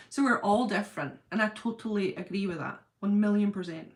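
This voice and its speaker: A woman's voice: mid-range voice, normal speed. A chatty middle-aged woman hosts a casual live stream, answering viewers by name. She rambles, wanders off on tangents and laughs easily as she goes. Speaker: livestream host. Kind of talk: casual live chat reading viewer comments.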